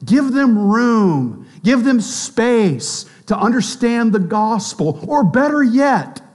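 A man with a high, bright-pitched voice preaching a sermon in a casual, talky way. He keeps checking in with his listeners and slips into the voices of the people he quotes. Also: sing-song, slow. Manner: conversational preaching with frequent tag questions; acts out quoted voices of both sides. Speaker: pastor.

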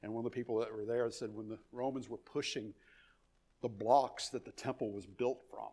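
A male pastor preaching an expository sermon, animated and emphatic, often repeating words as he restarts a thought. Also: medium pitch, brisk.

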